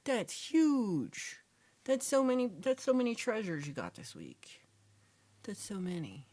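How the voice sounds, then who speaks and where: A woman from Texas hosting a casual livestream chat, reading viewer comments in a chatty, animated way and sometimes dropping to a whisper. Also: medium pitch, measured pace. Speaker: livestream host.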